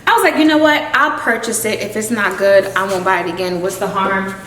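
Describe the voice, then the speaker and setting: A woman chatting to camera while she cooks and eats in her home kitchen, savoring the food with long drawn-out hums. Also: medium pitch, roomy sound, distant mic, heavy background noise. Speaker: lifestyle vlogger. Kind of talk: casual chat to camera while cooking.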